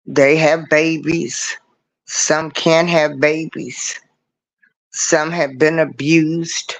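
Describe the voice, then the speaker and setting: A man's voice: fairly high pitch, level tone, very slow, gravelly. A man hosting a casual livestream show, talking earnestly and in a preachy way, repeating his points as he speaks into a computer mic.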